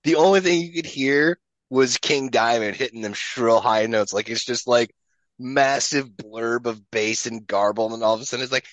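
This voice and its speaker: A man guesting on a podcast, telling a story in an animated, profane, casual way. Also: medium pitch, moderate pace, no room sound. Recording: dull lo-fi sound.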